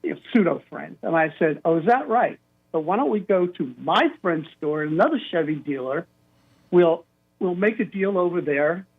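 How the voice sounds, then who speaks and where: An older man telling an animated story as a caller to a radio show, acting out the quotes. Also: fairly high pitch, normal speed, creaky, breathy edge. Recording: tinny phone line.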